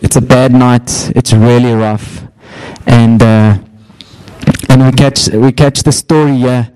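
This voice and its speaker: Middle-aged male pastor, warm dark tone, dry close sound, lively storyteller. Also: slow pace, clear, resonant tone, dry recording, rough recording. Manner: storytelling, acts out quotes with raised pitch. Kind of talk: sermon.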